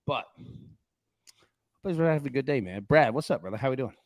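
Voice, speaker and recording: A man hosting a sports betting show, talking in a casual, animated, joking way. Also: mid-range voice, a little fast, no echo.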